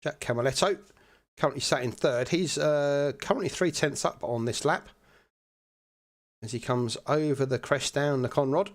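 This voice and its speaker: A man's voice: medium pitch, normal speed. Male sim racing commentator, conversational live play-by-play, mid-range voice. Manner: chatty, relaxed, many fillers.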